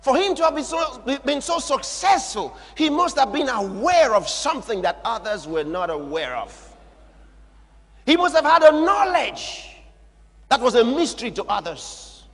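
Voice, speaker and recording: A male preacher delivering a sermon in a high, lively, husky voice. He drops to near-whispers, then builds to shouts. The sound carries a long reverb, as in a large hall. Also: moderate pace. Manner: dramatic swings from soft murmurs to shouts.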